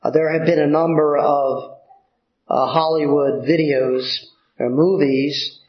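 A man delivers a sermon in a fairly high voice, taking his time with long pauses and filler words. His words ring through an echoey room, and the recording sounds dull and lo-fi. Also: fairly even intonation. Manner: slow, deliberate teaching with pauses and fillers. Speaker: pastor.

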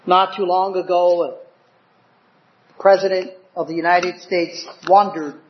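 Older preacher man, high and fervent. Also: fairly even intonation, unhurried. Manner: fervent, emphatic preaching with dramatic swells. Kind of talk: sermon. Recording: dull lo-fi recording.

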